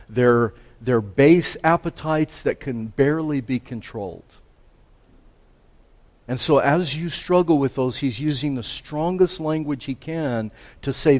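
A man's voice: medium pitch, a little mellow. A man preaching a sermon to a class, earnest and building to emphatic stress, often restarting his sentences. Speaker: pastor teaching a class.

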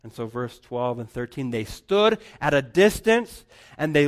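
A man preaching a sermon, rising to loud emphatic lines and dropping to near-whispers. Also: fairly high pitch, sing-song, normal speed. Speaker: pastor.

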